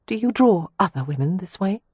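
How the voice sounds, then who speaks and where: Brief: a man doing a shy, embarrassed young lady in an audiobook romance; breathy and raised. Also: high-pitched, expressive, brisk, darkish tone, no echo, voice pushed up. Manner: timid, hesitant, flustered. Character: flustered young woman companion, timid and embarrassed. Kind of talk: audiobook dialogue.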